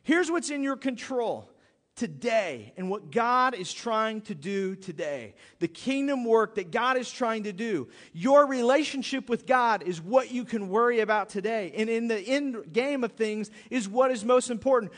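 Man, pastor, sermon, very high pitch, animated, long hall reverb. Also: measured pace. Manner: animated, pleading and joking with the congregation.

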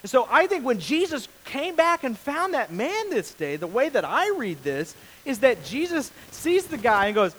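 Animated, high-voiced male pastor. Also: moderate pace, hardly any pauses, low-quality recording. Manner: animated storyteller, acts out voices, jokey. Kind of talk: casual sermon.

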